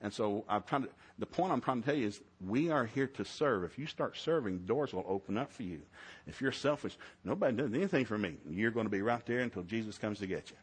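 A man's voice: fairly low pitch, expressive, fairly quick, breathy edge. A middle-aged man, preaching a sermon in a folksy storytelling way. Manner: folksy storytelling, swings to loud shouted preaching. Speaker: pastor.

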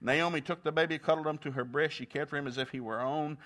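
A man's voice: fairly high pitch, fairly even intonation, fast, fairly bright tone. A man from East Tennessee, preaching a humorous sermon in a folksy, joking, plainspoken way. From East Tennessee, USA.

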